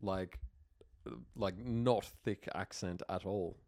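Chatty Australian man, low voice. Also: slow, a little mellow. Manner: rambling, chatty, frequent fillers and restarts. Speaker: podcast co-host. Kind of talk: casual chat.

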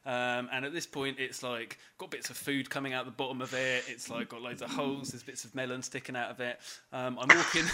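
A man's voice: mid-range voice, sharp tone, a little hiss or hum. A man on a podcast, animatedly telling a story through laughter and swearing. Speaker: podcast co-host. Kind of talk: casual storytelling chat.

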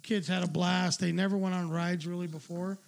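A man's voice: high voice, little pitch movement, fairly quick, gravelly. A middle-aged man telling a long, rambling anecdote in casual chat, swearing freely and laughing at his own story. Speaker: storyteller on a talk show.

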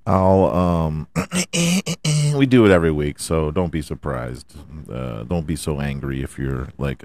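A man's voice: low-pitched, big pitch swings, slow, a little mellow, no echo. A man hosting a casual solo podcast, rambling and joking with plenty of swearing. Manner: rambling, profane, jokey. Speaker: podcast host.

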